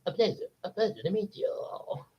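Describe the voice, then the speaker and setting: A man voicing a male walking peanut monster who speaks with soft, low, genteel politeness and quiet menace, on a dull lo-fi recording. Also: big pitch swings, a little fast, slightly rough, full character voice.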